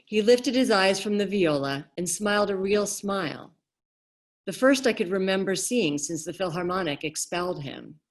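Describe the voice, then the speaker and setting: A woman author reading her novel aloud in a measured, expressive way over a video call. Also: mid-range voice.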